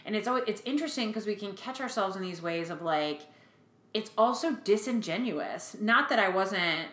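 A woman in her forties talks at a moderate pace with a medium-pitched voice, and the space sounds reverberant. As a podcast co-host she chats casually and energetically, filling her retellings with fillers and quoted voices.

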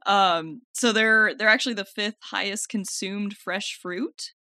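A woman's voice: mid-range voice, unhurried, pushed and bright, no echo, clean studio sound. A woman co-hosting a casual chat, upbeat and full of fillers. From California. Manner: chatty, filler-heavy, upbeat, laughs often. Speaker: podcast co-host.

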